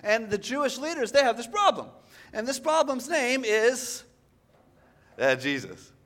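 A man preaching a sermon, animated and conversational, often tossing in "right?" to the congregation. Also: very high voice, a little slow.

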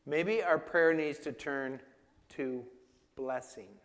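Male preacher, conversational and emphatic, slightly high voice, long hall reverb. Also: takes it slowly, a bit bright. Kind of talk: sermon.

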